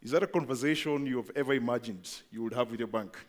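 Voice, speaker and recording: A man's voice: medium pitch, quick pace. A man giving a presentation to an audience, chatty and asking the crowd questions. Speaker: company speaker at event. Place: large event hall. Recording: long hall reverb.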